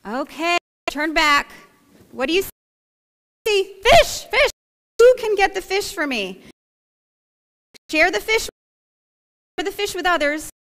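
A woman's voice: very high-pitched, lively intonation, a little slow, long pauses, a bit bright. A woman pastor leading a playful, interactive children's story, coaxing the kids to act it out. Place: church sanctuary. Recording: echoey church hall.

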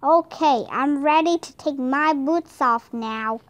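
A woman voicing a studious, sensible young boy in a calm, matter-of-fact way. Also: sits high, takes it slowly.

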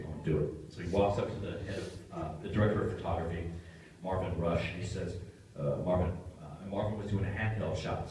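A man's voice: low voice, dark tone. A man on a convention panel telling a story, acting out the quotes and laughing often, recorded from far off in a convention hall. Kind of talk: animated anecdote on stage. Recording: roomy hall, distant mic, noisy.

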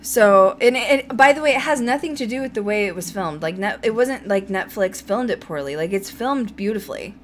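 Giggly, animated woman podcast host. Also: medium pitch, brisk, few pauses, slight background noise. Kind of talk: casual chat.

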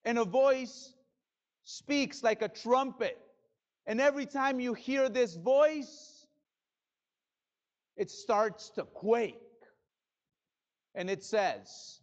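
A male pastor preaching a sermon in a church, dramatic, swinging from loud bursts to hushed drops. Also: very high-pitched, very slow, long pauses, lo-fi sound. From Spanish-speaking background. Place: church sanctuary.

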